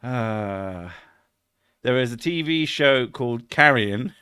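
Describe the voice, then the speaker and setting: A man's voice: medium pitch, expressive, slow, sharp tone, smooth, dry recording, studio quality. A middle-aged British man chatting casually on a live stream, rambling, swearing a lot and laughing at his own jokes.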